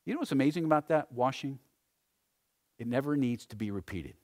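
A man preaching a sermon, swinging between loud emphasis and hushed phrases, often repeating words as he presses a point. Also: mid-range voice, animated, a little fast. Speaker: pastor.

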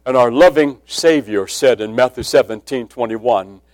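Man, preacher, emphatic sermon, drops to hushed quotes, mid pitch, dry sound. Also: normal speed, few pauses, no echo. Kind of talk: sermon with personal testimony.

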